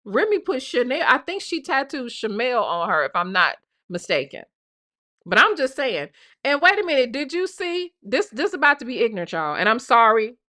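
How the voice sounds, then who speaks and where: Woman, live stream host, bright forceful tone, profane casual gossip delivery. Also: fairly high pitch, sing-song, moderate pace. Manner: blunt, profane, repeats "okay?". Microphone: live stream mic.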